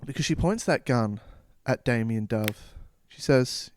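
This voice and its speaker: A man's voice: mid-range voice, darkish tone, dry recording. A man, co-hosting a comedy podcast and improvising a story, playfully slipping into character voices. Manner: playful, acts out characters with quick voice changes. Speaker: podcast co-host.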